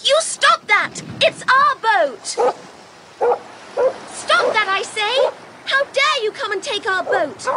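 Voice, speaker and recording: This is a nervous young girl who turns bold when pushed. Her voice sits high and leaps around a lot, and her outbursts come out breathless and bright. A faint hiss runs under the drama. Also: sing-song, a little slow. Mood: fierce. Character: timid young girl Anne, turning brave. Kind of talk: audio drama acting.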